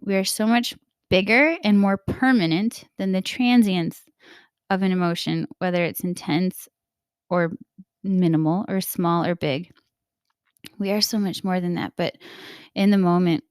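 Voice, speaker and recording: A young adult woman, a Catholic mindset coach and podcast host, talking casually and reflectively, animated and laughing often as she acts out bits of dialogue. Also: mid-range voice, smooth, dry recording, clean studio sound.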